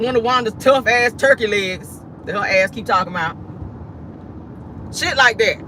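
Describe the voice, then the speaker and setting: A man's voice: sits high, moderate pace, pushed and bright, slight background noise. A man hosting a casual celebrity gossip show, sassy and profane, laughing often and calling his viewers "y'all" and "honey".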